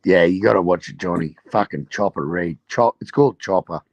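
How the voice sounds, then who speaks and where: Gravelly Australian man telling rowdy stories. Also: deep voice, brisk, no echo, muffled recording. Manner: rowdy, profane storytelling, laughing at his own tales. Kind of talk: casual chat.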